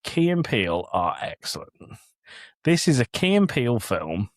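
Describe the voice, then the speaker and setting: Recorded cleanly in a studio with no room sound, a man of medium pitch speaks at a moderate pace. He hosts a podcast, comes from England, and has a young child; in relaxed chat he tells stories lively, voicing the quotes.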